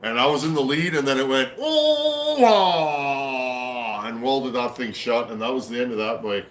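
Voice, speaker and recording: A man's voice: medium pitch, steady tone, fast talker, fairly bright tone, reverberant, slight background noise. A man from Canada with a Canadian accent, chatting casually on a live stream from his workshop and answering viewer comments in a folksy, rambling way. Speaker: chainsaw builder hosting a live stream. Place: home workshop.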